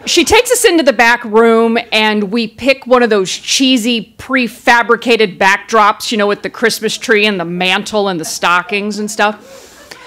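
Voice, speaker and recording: A woman telling a comic personal story on stage, animated and acting out the people in it, into a stage microphone. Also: mid-range voice. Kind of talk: live first-person storytelling. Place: stage in front of a live audience.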